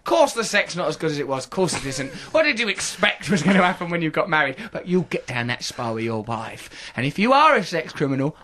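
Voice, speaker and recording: A man hosting a comic radio show, playful and mocking, with sudden shouted outbursts. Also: a little high, sing-song, brisk, few pauses. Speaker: radio host. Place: radio studio.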